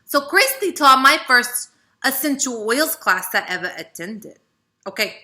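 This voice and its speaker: A woman from the American South with a Southern accent, giving a chatty, animated motivational talk to her team as a leader. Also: sits high, measured pace. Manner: chatty, animated, with frequent "right?" and "okay". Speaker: network marketing team leader.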